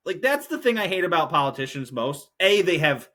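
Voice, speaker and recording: A man's voice: a little high, sing-song, a little fast, bright, forceful tone. A young man hosting a solo podcast, ranting in a heated, profane, rambling way. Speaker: podcast host.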